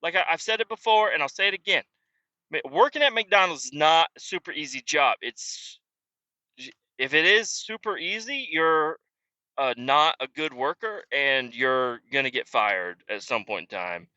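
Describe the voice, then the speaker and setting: A man hosting a podcast, ranting casually with lots of swearing and sudden shouted outbursts. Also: a little high, expressive, moderate pace, no room sound, dull audio. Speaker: podcast host.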